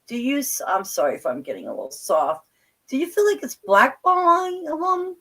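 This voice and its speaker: A woman's voice: on the high side, wildly swooping pitch, brisk, fairly bright tone. A woman hosting casual panel talk on an online stream, chatty and questioning, and laughing often.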